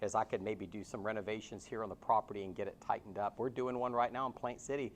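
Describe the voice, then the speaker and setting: A man leading a real estate sales training, role-playing his pitch to home sellers and telling stories with animation. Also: fast talker, a little hiss or hum. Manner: animated storytelling.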